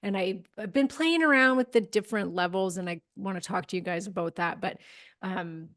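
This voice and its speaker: A woman's voice: mid-range voice, fairly quick. A woman hosting a podcast, chatting casually and retelling her experiences with a lot of "like" in her speech. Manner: chatty, lots of "like", animated retelling. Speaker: podcast host. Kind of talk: casual interview chat.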